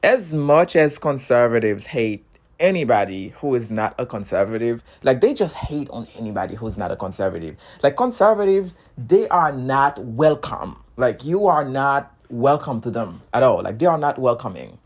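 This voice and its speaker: Man, non-native accent, heated casual monologue, repetitive, laughs between points, mid pitch. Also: expressive, moderate pace. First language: not English. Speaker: commentator.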